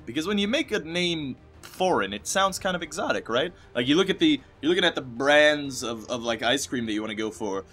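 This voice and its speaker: A young man chatters through a let's play with a bright, forceful voice at an everyday pitch. He rambles and jokes, leaping into loud excited bursts and then trailing off into low mumbles, with faint music playing under him. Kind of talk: rambling gameplay commentary over credits.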